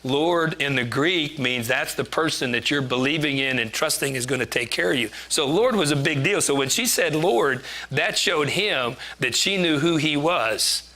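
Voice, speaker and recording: A man's voice: a little high, lively intonation, moderate pace, hardly any pauses, pushed and bright. A man giving a conversational sermon, chatty and joking, laughing at himself as he preaches.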